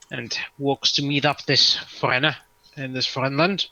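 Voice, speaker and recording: Brief: male player, very bright and forceful tone, matter-of-fact. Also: mid-range voice, flat delivery, moderate pace, rough recording. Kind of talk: casual tabletop role-play talk.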